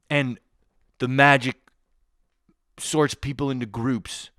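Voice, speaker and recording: Lively, low-voiced ranting Canadian man. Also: normal speed, no echo, studio quality. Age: 20s. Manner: profane, animated, ranting with bursts of mock voices. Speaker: comedian podcast host. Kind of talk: profane comedic rant.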